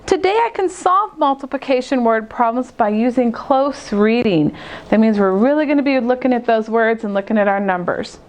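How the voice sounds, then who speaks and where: A woman teacher recording a math lesson for second graders, talking through each step slowly and clearly. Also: on the high side. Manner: slow, clear, step-by-step explaining.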